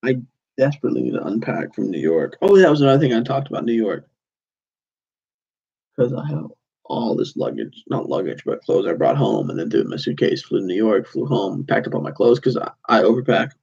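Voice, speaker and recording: A man's voice: medium pitch, very animated, fairly quick, vocal fry, darkish tone, slightly rough, muffled recording. A young man in his twenties hosting a casual solo podcast, rambling through stories with lots of "like"s and self-corrections. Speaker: podcast host.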